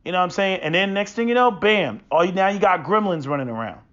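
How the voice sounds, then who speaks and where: Man, high voice, preachy profane rant, stammering restarts, dull lo-fi recording. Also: animated, fast talker, a bit bright. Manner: preachy, swears often, stammers into repeated restarts. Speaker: podcast host. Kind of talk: profane opinion monologue. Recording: dull lo-fi sound.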